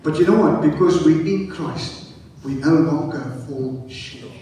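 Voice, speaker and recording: A man preaching a sermon as pastor, calling out to the congregation for responses and swinging between loud, high exclamations and low, quiet passages. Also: a little slow, slight background noise. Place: church hall. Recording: echoey hall, voice picked up from a distance.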